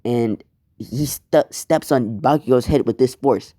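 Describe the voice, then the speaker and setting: A man's voice: mid-range voice, a little slow, warm tone, no echo, studio quality. A man casually telling a fan story in a laid-back, rambling way, with some swearing.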